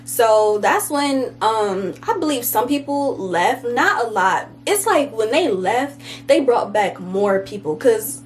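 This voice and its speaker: A woman with a somewhat high voice tells a casual storytime to the camera. She rambles, circles back on herself and leans on slangy phrasing and fillers. A faint hum sits under her voice. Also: lively intonation, takes it slowly, hardly any pauses. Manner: rambling, with many fillers like "like" and "you know"; slangy and conversational. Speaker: vlogger.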